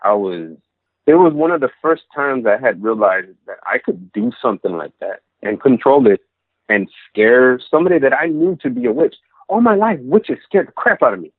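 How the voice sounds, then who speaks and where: A man's voice: medium pitch, expressive, moderate pace, no echo. A man, a podcast guest, telling a story with animation and acting out the lines he quotes. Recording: dry, phone-like lo-fi audio.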